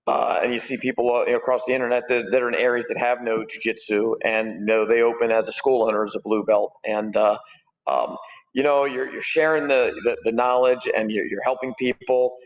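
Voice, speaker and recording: A man's voice: medium pitch, fairly even intonation, normal speed, dull audio. Rambling man in his forties, echoey. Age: 40s. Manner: easygoing, rambling with many fillers and restarts. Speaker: gym owner and guest. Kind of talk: casual podcast conversation.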